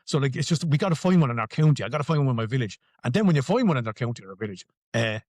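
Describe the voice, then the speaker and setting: A man's voice: mid-range voice, lively intonation, very fast, darkish tone, no room sound, clean studio sound. A man with an Irish accent answering interview questions in an emphatic way, swearing freely and repeating phrases for stress. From Ireland. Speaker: podcast guest.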